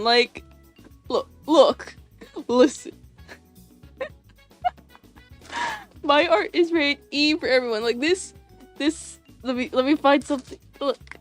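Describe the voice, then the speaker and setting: A woman's voice: high-pitched, measured pace, long pauses, fairly bright tone. A young woman chatting casually on a livestream while she draws, rambling with lots of fillers, restarts and giggles. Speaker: animation streamer. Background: faint music.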